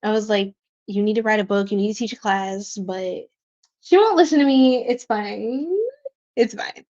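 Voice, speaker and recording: Over dull, lo-fi stream audio, a tarot reader hosts her livestream at a normal pace, her mid-range voice fairly flat in pitch and a bit mellow. She's bubbly and casual with viewers, reads their comments out loud, laughs a lot, and drops slangy side remarks.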